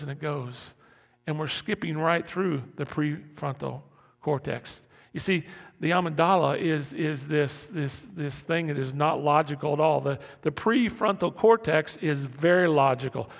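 A man's voice: a little high, a little slow, gravelly. A man preaching a conversational sermon as a pastor, repeating and restarting his words and acting out panicked inner voices. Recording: long hall reverb.

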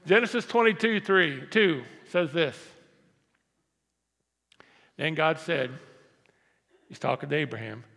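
A pastor preaching to his church, talking easily one moment and hammering a point with loud repeated lines the next. His voice sits a little high for a man and has a gravelly edge. The sound rings with the long reverb of a church hall. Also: slow, pauses often. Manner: conversational preaching that swings from quiet asides to loud emphatic repetition. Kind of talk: sermon.

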